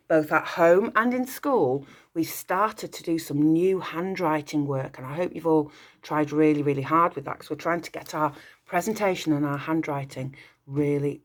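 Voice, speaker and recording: A woman teacher leading a school assembly, encouraging and praising pupils' work, slipping in short French phrases. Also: low-pitched. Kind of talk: recorded school assembly address.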